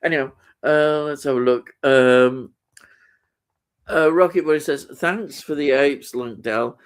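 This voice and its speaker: A man's voice: on the high side, slow, smooth. A man co-hosting a casual live stream, reading out viewer comments with lots of ums and easy laughter.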